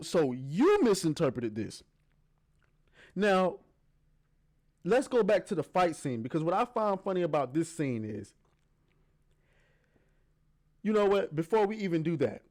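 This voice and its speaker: A man with a fairly high voice delivers fired-up reaction commentary on a video clip. He argues hard, pushes his points with emphasis and swears freely. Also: sing-song, unhurried, long pauses, darkish tone. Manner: argumentative, emphatic, swears often.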